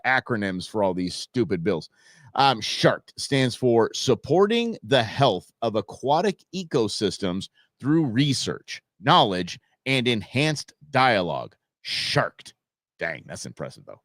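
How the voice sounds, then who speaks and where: A man's voice: medium pitch, a bit bright, no echo, clean studio sound. A man hosting a live show, ranting casually and sarcastically, often stammering and repeating words as he goes. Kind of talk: casual livestream rant.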